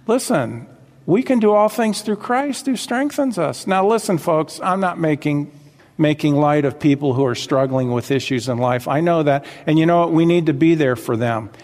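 A man's voice: fairly high pitch, moderate pace, a little mellow. Exhorting preacher man in a reverberant hall. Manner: exhorting, addresses congregation directly with "listen" and "folks". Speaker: pastor. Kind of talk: sermon. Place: church sanctuary with congregation.

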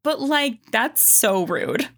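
Woman, podcast co-host, casual chat, giggly, high-ish lively voice. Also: slow. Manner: giggly, reads quotes aloud with mock drama.

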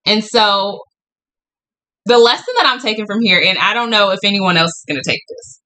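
Woman podcast host, casual Bible study, bright tone, hyped up, stumbles and laughs. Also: medium pitch, normal speed, low-quality recording. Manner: excitable, stumbles and laughs, talks to listeners as y'all.

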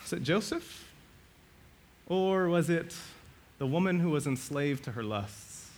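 A male pastor preaching a sermon, animated, swinging between loud and soft and acting out the quotes. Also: a little high, unhurried.

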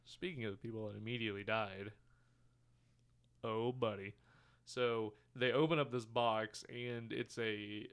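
A man's voice: fairly low pitch, steady tone, unhurried, fairly bright tone, clean tone. A man co-hosting a podcast, casually recapping a movie scene by scene, rambling with fillers and quoted lines. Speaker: podcast co-host. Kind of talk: casual movie review chat.

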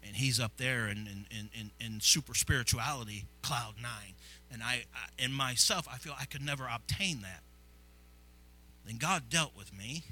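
A man from Illinois preaching a sermon as pastor, fervent and repetitive, swinging from hushed confession to loud exclamations in a church sanctuary. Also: mid-range voice, moderate pace, poor audio.

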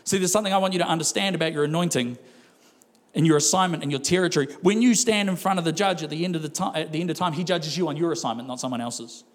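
A man's voice: fairly high pitch, racing. A male pastor preaching a sermon in a conversational way, with laughing asides and acted-out quotes.

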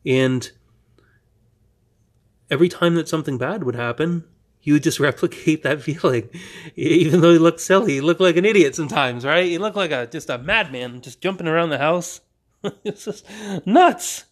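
Animated male podcast host telling a story. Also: on the high side. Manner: animated, reenacts dialogue with quick restarts. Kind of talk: storytelling monologue.

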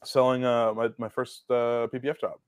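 A young adult man, a car detailer guest on a podcast, telling stories in a casual, animated way, swearing and acting out quotes. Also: mid-range voice, moderate pace, clear, resonant tone, no room sound. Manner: animated storyteller, swears, acts out quotes loudly. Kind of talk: casual storytelling chat.

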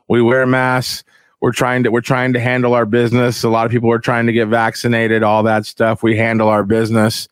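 A man hosting a podcast, ranting casually and profanely, rambling and mocking others in shrill voices. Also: monotone, a little fast, smooth, no room sound. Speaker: podcast host. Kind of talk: casual rant. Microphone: headphones on, close mic.

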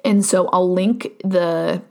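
A woman with a slightly low voice hosts a solo podcast. She speaks casually and candidly, in an earnest way, often checking in with tag questions. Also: fairly even intonation, slow, creaky, mellow. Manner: candid and earnest, frequent "right?" and "um", some swearing. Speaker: podcast host.

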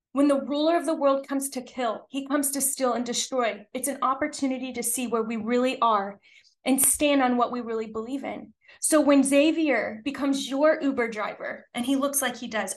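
High-voiced woman preaching in chatty style. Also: moderate pace. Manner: chatty storytelling, many "like"s, rhetorical questions; earnest exhortation. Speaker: podcast host and traveling preacher. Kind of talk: preaching testimony to women.

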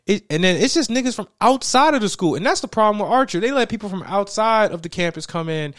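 A young man telling a story in a relaxed, casual chat, acting out other people's lines. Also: high-pitched, fast talker, no room sound, clean studio sound. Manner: animated storyteller, acts out others' lines loudly.

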